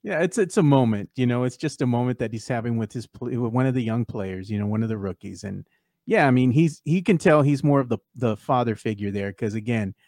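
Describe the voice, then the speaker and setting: A man's voice: medium pitch, a little fast, darkish tone, dry recording, studio quality. A man hosting a casual sports talk show, talking loosely with lots of fillers and reading out fan posts. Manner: conversational, many fillers, reads fan posts aloud. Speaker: podcast host.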